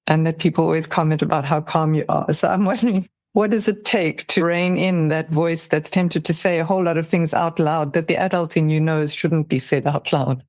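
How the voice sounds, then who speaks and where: A podcast host asking a guest thoughtful, measured questions. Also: mid-range voice, dry recording. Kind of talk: interview questions.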